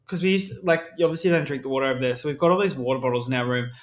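A man tells a story in quick, chatty casual podcast talk, swearing as he goes. His voice sits at a middle pitch. The room around him is echoey. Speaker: podcast co-host.

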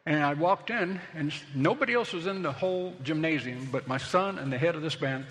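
Bright-voiced man preaching in a hall. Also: on the high side, brisk. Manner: storytelling, conversational preaching with rising emphasis. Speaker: pastor. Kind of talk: sermon.

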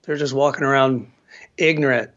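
A man's voice: medium pitch, steady tone, moderate pace, a bit bright, dull audio. A man co-hosting a podcast in casual chat, rambling, swearing and laughing often. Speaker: podcast co-host.

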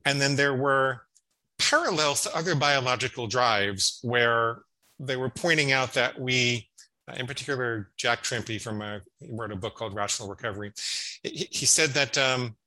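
A psychologist in his fifties, appearing as a guest in a conversational interview, explains things and tells stories while frequently restarting his sentences. His mid-range voice has a sharp tone at a normal speed, and the audio quality is poor.

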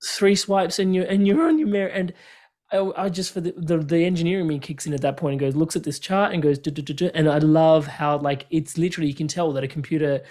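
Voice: medium pitch, fast talker, a little mellow. A podcast host chatting in an enthusiastic, rambling way and laughing often. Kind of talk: casual chat.

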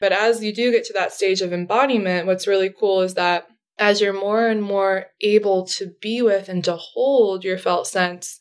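A woman's voice: medium pitch, steady tone, moderate pace. A woman speaking as a therapist guest in a casual interview, explaining things in a chatty way with frequent fillers and light laughs.

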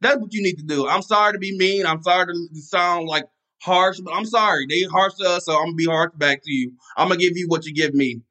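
Heated podcast host, bright and fiery. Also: male voice, sits high, fast talker. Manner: angry, repetitive, many restarts and fillers. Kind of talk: casual solo podcast rant.

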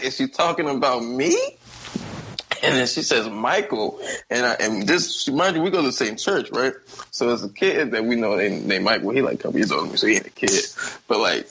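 A man's voice: medium pitch, a bit bright, lo-fi sound, slight background noise. A man chatting casually on a podcast, telling a story in a slangy, profane way and laughing as he goes. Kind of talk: casual chat.

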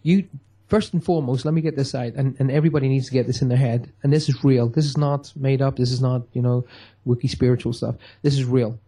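A man's voice: mid-range voice, fairly even intonation, fast talker, warm tone, slightly rough. A man giving an emphatic motivational talk, acting out quotes in a radio-style chat. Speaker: guest speaker.

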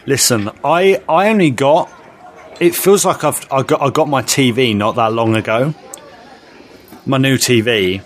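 A man co-hosting a casual fan podcast, ranting in exasperation with big jumps in his voice. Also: a little slow. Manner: animated, exasperated ranting with big pitch swings. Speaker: podcast co-host.

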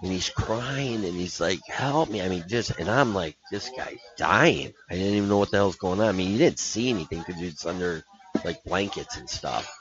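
Deep male coach, animated storyteller, muffled podcast sound. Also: normal speed. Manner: animated, laughing storyteller with many restarts. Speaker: hockey coach guest. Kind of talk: casual storytelling. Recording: dull lo-fi podcast audio.

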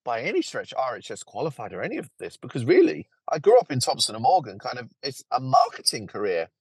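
A man, a podcast guest who talks about his plant marketing work and his book in a lively, chatty way and laughs easily. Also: medium pitch, fast talker, husky, no echo. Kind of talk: casual conversation.

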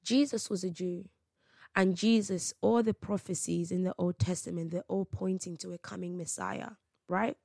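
A woman hosts her faith podcast, speaking with emphasis and street slang. Her voice has a gravelly edge. The sound is dry and close, with no room around it. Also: lowish voice, steady tone, moderate pace, darkish tone, no echo. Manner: emphatic, preachy, slangy storytelling. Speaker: podcast host.

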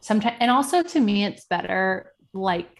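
A woman's voice: mid-range voice, lively intonation, normal speed. A woman from Puerto Rico co-hosting a casual podcast chat, talking in a chatty way full of fillers and asides. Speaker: podcast co-host. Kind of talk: casual chat about reality TV.

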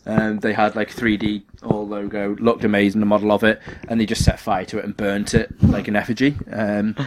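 A man's voice: fairly low pitch, flat delivery, brisk, noisy background. A man co-hosting a podcast, chatting casually and rambling through lots of fillers and restarts. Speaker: podcast co-host. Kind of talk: casual chat.

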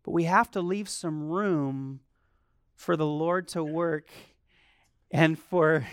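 A preacher delivering a sermon in a lively way, firing rhetorical questions at the congregation. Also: mid-range voice, takes it slowly, clean tone, dry recording. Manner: acts out quoted complaints in a softer voice.

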